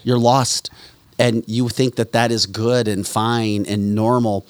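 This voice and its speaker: Male co-host type, talk-show commentator, indignant and emphatic, mid pitch, dry close sound. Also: flat delivery, takes it slowly, clear, resonant tone, no echo. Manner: indignant, emphatic, repeats phrases.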